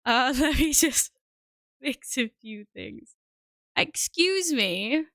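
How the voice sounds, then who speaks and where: A woman streaming live, talking in an unhurried, scattered way, cursing and laughing at herself. Her voice sits a little high with a bright, forward tone. The sound is dry and close, with no room around it. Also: creaky, no echo. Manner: scattered, self-deprecating, swears often. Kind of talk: casual live-stream chat.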